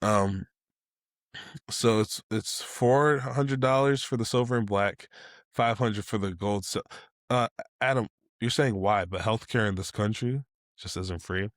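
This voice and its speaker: A man co-hosting a casual tech podcast, lively and quick to laugh, short on sleep. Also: on the low side, dry recording, clean studio sound. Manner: animated, laughs through stories. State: sleep-deprived. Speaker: podcast co-host.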